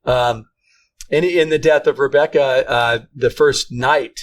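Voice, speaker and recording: A man's voice: mid-range voice, steady tone, slight background noise. A middle-aged man co-hosting a faith podcast, talking earnestly with frequent restarts. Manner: earnest, halting, many restarts. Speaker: podcast co-host. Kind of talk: casual faith conversation.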